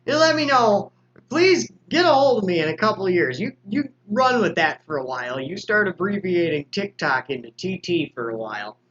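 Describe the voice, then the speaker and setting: A man's voice: high voice, very animated, moderate pace, fairly bright tone, highs cut off, slight background noise. A man hosting a recovery livestream, chatting casually as he reads viewer comments, joking around and swearing freely. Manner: loose and joking, with frequent swearing and slang.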